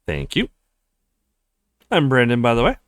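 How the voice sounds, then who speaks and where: A man's voice: medium pitch, huge pitch swings, unhurried, a bit bright, no room sound, clean studio sound. A man voicing an easygoing, chatty young male law student in a visual novel. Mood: friendly. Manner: friendly and chatty.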